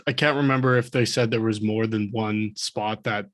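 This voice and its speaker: A man's voice: on the low side, fairly even intonation, normal speed, fairly bright tone. A man co-hosting a podcast, talking about a book in a casual, rambling and enthusiastic way, often laughing. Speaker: podcast co-host.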